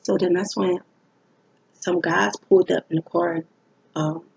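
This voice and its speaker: Young woman with a husky breathy voice, telling a story casually, dull lo-fi recording. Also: a little slow. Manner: animated, acts out quoted people in a higher voice.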